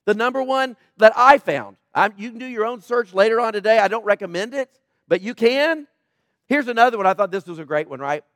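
A middle-aged man delivers a sermon in a chatty, sarcastic tone, slipping into quiet asides. His voice sits high for a man. The sound is close and dry, with no room around it. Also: animated, fairly quick, no room sound. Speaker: pastor.

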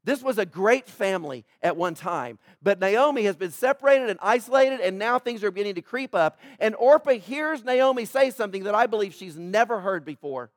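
A man preaching a sermon as pastor, emphatic and addressing the congregation directly, swinging between loud build-ups and hushed asides. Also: high-pitched, animated, brisk, hardly any pauses, dry recording, clean studio sound. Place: church, in front of a congregation.

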